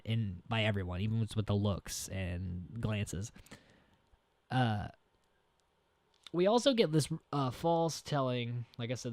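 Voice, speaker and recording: A man's voice: medium pitch, a little mellow, dry recording. A man hosting a podcast, recapping a movie in a casual, rambling way, swearing freely and chuckling as he goes. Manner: rambling and profane, heavy use of "like"; chuckles through the retelling. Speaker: podcast host.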